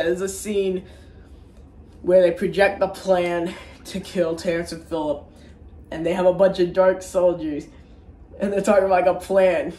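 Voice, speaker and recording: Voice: mid-range voice, a little mellow, far from the mic. Rambling, profane movie-recap voice in an echoey room. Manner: rambling, crude and profane, with restarts. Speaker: movie reviewer. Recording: roomy echo, faint background ambience.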